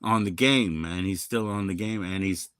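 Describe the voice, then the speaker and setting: Rambling, swearing streamer man, low voice. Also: moderate pace, smooth, no echo, clean studio sound. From Maryland, USA. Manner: rambling, profane, loud bursts then mumbling. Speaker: livestream host. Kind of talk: rambling casual livestream chat.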